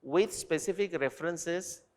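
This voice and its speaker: A man answering student questions at a university talk, animated and digressive, turning to quiz the audience directly. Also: fairly high pitch, unhurried, big-room sound. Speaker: invited speaker. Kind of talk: lecture Q&A with students. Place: university lecture hall.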